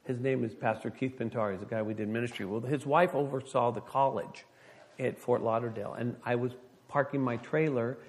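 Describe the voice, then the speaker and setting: A middle-aged man preaching a sermon, an animated storyteller who reads scripture and acts out the voices of people in his stories. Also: mid-range voice, a little fast. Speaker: pastor.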